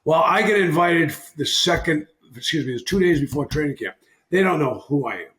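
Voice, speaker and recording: A former hockey player in his sixties tells a podcast story as casual storytelling, rambling animatedly and correcting himself. His voice is on the high side, animated, fairly quick and a bit bright, with a roomy echo in the recording.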